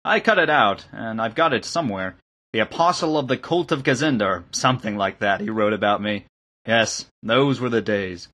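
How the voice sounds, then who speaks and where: Easygoing matter-of-fact locksmith in an audiobook, read by a guy, husky. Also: on the low side, normal speed, sharp tone. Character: plain-spoken older male locksmith.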